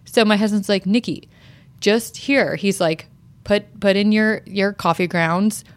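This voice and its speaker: A woman in her thirties co-hosting a podcast, telling a story in casual chat and acting out quoted lines in a higher voice. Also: measured pace. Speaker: podcast co-host.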